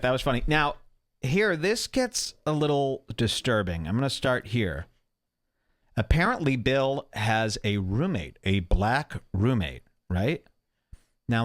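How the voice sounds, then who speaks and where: A sarcastic male podcast host who reads posts aloud and mocks them. His pitch swings widely as he talks, with a mid-range voice and a casual, needling tone. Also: big pitch swings, measured pace. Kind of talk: mocking podcast commentary.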